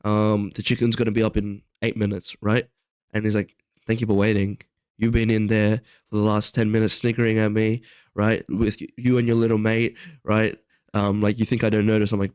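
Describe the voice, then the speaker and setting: A man's voice: on the low side, brisk. A young man talks casually on a podcast, rambling and restarting his sentences. The sound is dry, with little room echo. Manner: rambling, lots of fillers and restarts. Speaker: podcast co-host. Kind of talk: casual chat.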